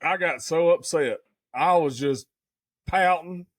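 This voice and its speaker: A man's voice: fairly high pitch, slow pace, no echo. A man, co-hosting a podcast and telling a hunting story in a folksy, casual way. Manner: folksy storyteller, says "buddy" and "dude" a lot. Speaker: podcast co-host.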